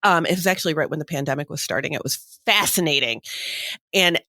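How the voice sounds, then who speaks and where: A woman's voice: low-pitched, fast, no echo, studio quality. A woman co-hosting a podcast, telling stories in casual chat with lots of fillers. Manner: animated storytelling with many fillers. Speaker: podcast co-host.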